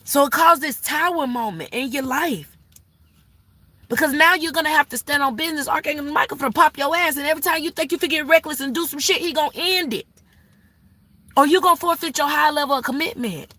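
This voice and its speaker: A woman's voice: high voice, a little fast, bright, forceful tone, no echo. A woman giving a live-stream tarot reading, sassy and blunt, cursing freely and scolding the viewer like an auntie. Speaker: tarot reader.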